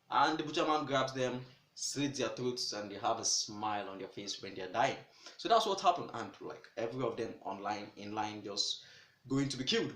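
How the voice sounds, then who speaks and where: Animated male storyteller in an echoey room. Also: mid-range voice. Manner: animated, exclamatory, chatty asides. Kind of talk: casual storytelling.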